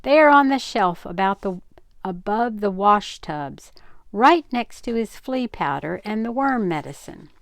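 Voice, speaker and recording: A woman's voice: medium pitch, animated, a little slow, no room sound, clean studio sound. A woman voicing an exasperated, strict mother who scolds her son, read aloud from a storybook. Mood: stern. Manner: scolding, stern.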